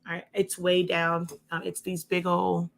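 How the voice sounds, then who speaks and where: A woman with a bright, forceful voice hosts a crafting show. She talks casually and rambles through her examples, restarting sentences as she goes. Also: fairly low pitch, monotone, a little slow, creaky. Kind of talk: casual demonstration walkthrough.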